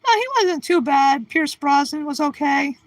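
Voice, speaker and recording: Woman, 60s, high voice, rambling livestream host chatting with viewers, dry close sound. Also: fairly even intonation, normal speed, no echo, rough recording. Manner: rambling, chatty, restarts and trails off. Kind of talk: casual chat answering live viewers.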